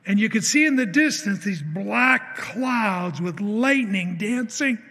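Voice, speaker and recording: A man's voice: high-pitched, expressive, takes it slowly, bright, forceful tone. A man preaching a sermon, telling a personal story in an earnest way, acting out the dialogue and often restarting his sentences. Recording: long hall reverb.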